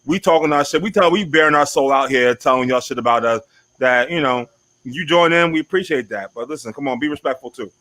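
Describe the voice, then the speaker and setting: Profane laughing New host. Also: male voice, medium pitch, a little fast, sharp tone, dry recording. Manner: loose, profane, laughing, repeats himself. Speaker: podcast host. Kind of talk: casual panel chat.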